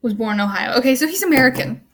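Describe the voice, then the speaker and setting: A young woman with a slightly high voice rants about a film straight to the camera. She rambles, leaning on "like" and "um" as she goes, with a wry, offhand edge. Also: lively intonation, racing, a bit bright, slight background noise. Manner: rambling, full of "like" and "um". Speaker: student vlogger. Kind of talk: casual movie rant to camera.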